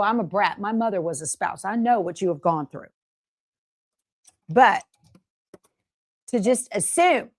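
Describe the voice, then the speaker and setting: Hosting a relaxed sewing livestream, this middle-aged woman speaks in a fairly high voice, chatting away, frequently laughing and reading out comments from viewers. No room sound can be heard.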